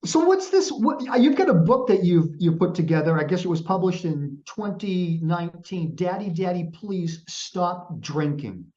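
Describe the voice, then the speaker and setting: A man's voice: high voice, big pitch swings, moderate pace, hardly any pauses, warm tone. A man hosting an interview over a video call, asking questions hesitantly with many fillers. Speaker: host. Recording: dull lo-fi sound.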